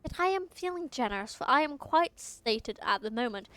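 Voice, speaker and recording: A woman voicing a haughty young male vampire prince who speaks in pompous, old-fashioned thee-and-thou phrasing, read slowly from a game. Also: high voice, lively intonation, bright, forceful tone, no echo.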